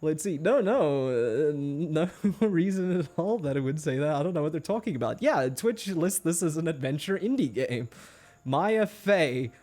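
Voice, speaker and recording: A man's voice: a little high, normal speed, faint music behind. A man live-streaming a game who chats with viewers, laughs often and stammers when he gets flustered. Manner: giggly, excitable, laughs often. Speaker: livestreamer. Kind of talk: casual live-stream chat, reading chat aloud.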